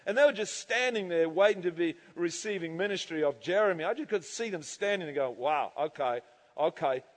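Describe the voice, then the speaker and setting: A male pastor preaching an animated sermon to his congregation, acting out people's reactions and laughing often. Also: sits high, quick pace. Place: church hall. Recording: church hall reverb.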